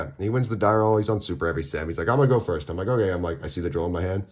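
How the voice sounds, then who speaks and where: Deep-voiced man rambling through a story. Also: racing. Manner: rambling, filler-heavy, acts out both sides of conversations. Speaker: card game player recapping a tournament. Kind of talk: casual storytelling vlog.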